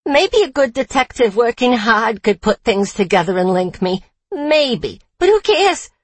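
A woman reading a story aloud and voicing a boastful, unhinged female murderer with a grating Boston accent and a loud, mocking delivery. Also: on the high side, very animated, unhurried, slightly rough, no echo, pitched above the performer's own voice, full character voice. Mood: gloating.

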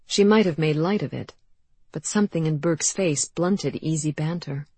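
A woman reading an audiobook in measured, even narration, recorded close. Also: low voice, husky, dry recording. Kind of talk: scripted narration.

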